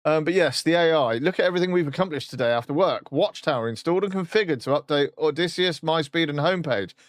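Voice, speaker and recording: A man's voice: on the high side, expressive, fast talker, dry recording, clean studio sound. A man streaming a casual chat, joking about himself and swearing now and then.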